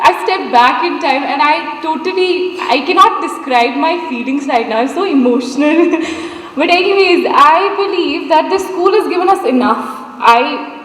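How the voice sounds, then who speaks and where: A young woman with a high voice gives an unprepared alumni speech, nervous and giggly, and she rambles and laughs at herself. She is heard from far off in a big echoing school hall. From Kashmir. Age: young adult. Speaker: alumni speaker.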